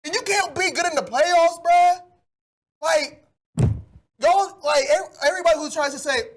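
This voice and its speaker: A man hosting a solo sports podcast, ranting animatedly with loud outbursts. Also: extremely high pitch, a little slow.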